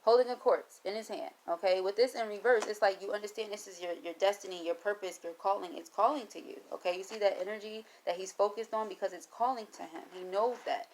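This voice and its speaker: A woman's voice: medium pitch, fast talker, few pauses, a little mellow, slight background noise, poor audio. A woman reading tarot cards for her viewers, who encourages them, talks to Spirit aloud and repeats her phrases like mantras. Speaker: tarot reader.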